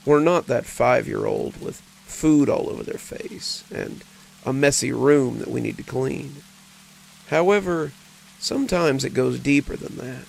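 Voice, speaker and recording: An older man narrating cozy horror stories in a slow, intimate way. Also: mid-range voice, vocal fry, low-quality recording. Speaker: horror storyteller.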